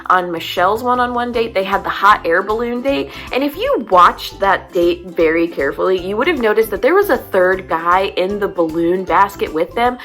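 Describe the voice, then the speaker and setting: A woman talking casually as a show host, recapping episodes in an animated, self-deprecating way. Her voice sits in a middle pitch, and faint music plays under her speech. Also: normal speed, few pauses.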